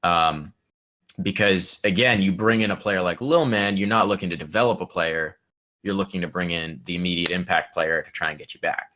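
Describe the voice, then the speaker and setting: Low-voiced man chatting loosely. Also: brisk, bright, forceful tone. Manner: loose, rambling, trails off and restarts. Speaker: podcast co-host. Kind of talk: casual podcast chat.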